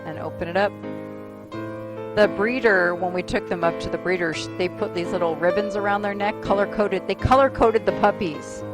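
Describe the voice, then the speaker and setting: With clear music in the background, a fitness instructor in her fifties mixes gentle exercise instruction with casual chat, cueing breaths during a stretching class held in a dining room. Her mid-range voice stays encouraging, and she's quick to laugh.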